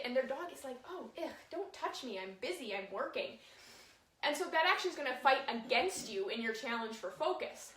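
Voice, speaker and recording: A woman's voice: a little high, a bit bright. Chatty woman teaching dog training. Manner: chatty, demonstrates with her dog as she explains. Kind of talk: casual instructional talk. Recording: echoey room, voice from a distance.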